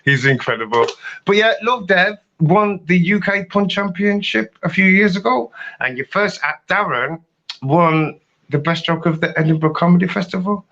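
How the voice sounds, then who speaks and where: A man's voice: high voice, moderate pace, fairly bright tone. A man hosting a comedy night, introducing acts in a chatty, self-mocking way. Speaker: host. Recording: dull lo-fi sound.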